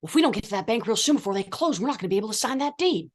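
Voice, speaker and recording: A woman's voice: on the high side, lively intonation, racing. A woman doing an impression of an earnest male co-star who recites his lines word for word.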